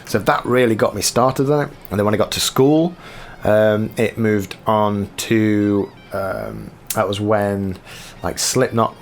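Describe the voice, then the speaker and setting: Relaxed man answering questions. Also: fairly low pitch, unhurried, gravelly, slight background noise. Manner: rambling and relaxed with frequent ums, reading out questions. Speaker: guitar cover musician answering viewer questions. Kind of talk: casual Q&A chat.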